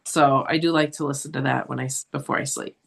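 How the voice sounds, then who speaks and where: A woman co-hosting a podcast, talking calmly and thoughtfully in casual chat. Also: rumbling low, fast, creaky, breathy edge. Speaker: podcast co-host.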